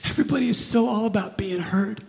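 A man's voice: high-pitched, fast talker, gravelly, long reverb tail, very noisy. A man preaching a sermon as pastor, emphatic and asking the congregation questions. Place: church sanctuary.

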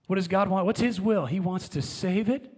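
A man in his thirties preaching a fervent sermon as pastor, swinging from hushed lines to loud emphasis. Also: high-pitched, normal speed, slightly rough. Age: 30s. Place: large church hall. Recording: long hall reverb.

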